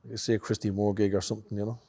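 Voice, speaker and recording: Laid-back low-voiced Irish man. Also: rapid-fire. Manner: relaxed and reflective, many "you know" fillers. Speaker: musician guest. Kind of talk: conversational interview.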